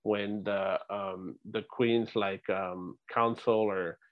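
A man with a low voice thinks out loud about a film's characters, checking in with "right?" as he goes. The audio is dry and a bit muffled, with no room sound. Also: steady tone, slow, no room sound. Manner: reflective, analytical, often adds "right?". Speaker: podcast co-host. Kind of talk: casual rewatch chat.

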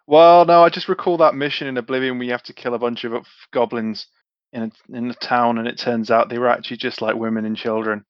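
A man's voice: mid-range voice, steady tone, fast talker, smooth, dry recording, muffled recording. A man playing a tabletop game, talking hesitantly and trailing off in casual chat. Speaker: player.

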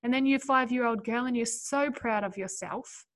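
A woman's voice: a little high, normal speed, a bit bright. A woman hosting a solo podcast, coaching mothers in an earnest, encouraging way and speaking straight to her listeners.

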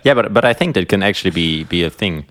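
Deep-voiced young man in casual chat. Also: animated, fairly bright tone. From Germany. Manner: easygoing, quick agreeing interjections. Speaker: podcast co-host.

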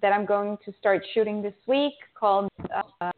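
Female interview guest, mid pitch, chatty, phone-line quality. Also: moderate pace, noisy background. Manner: chatty, lots of "like" and "you know". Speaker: guest actress. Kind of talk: casual interview chat.

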